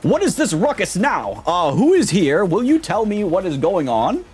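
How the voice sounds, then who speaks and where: A man's voice: huge pitch swings, moderate pace, a little mellow. A man voicing a pompous, easily panicked rich merchant in a video game, fussy and stammering when alarmed. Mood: haughty. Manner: flustered and fussy, stammering in high shrill panic.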